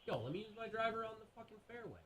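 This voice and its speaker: A radio co-host chatting casually while playing golf, excitable, cheering his shots on and swearing freely. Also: sits high, very fast. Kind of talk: casual chat over a video game.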